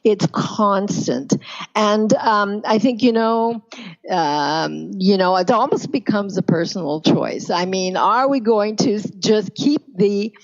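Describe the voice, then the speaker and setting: A Canadian woman being interviewed as a pronunciation coach, talking in a measured, thoughtful way. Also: mid-range voice, highs cut off. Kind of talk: casual interview talk.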